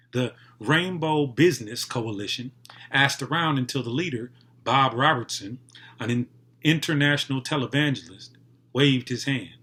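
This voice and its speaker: Man reading a poem, deliberate. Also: mid-range voice, pushed and bright. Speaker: poetry reader. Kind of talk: poetry reading.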